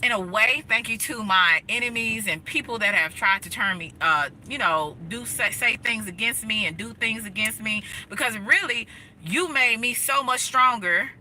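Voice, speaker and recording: A woman's voice: mid-range voice, bright, forceful tone, a little hiss or hum, poor audio. Outspoken woman livestreaming from her car. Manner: outspoken, emphatic, talks to her chat. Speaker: livestream host. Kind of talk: casual motivational livestream chat. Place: inside a car while driving.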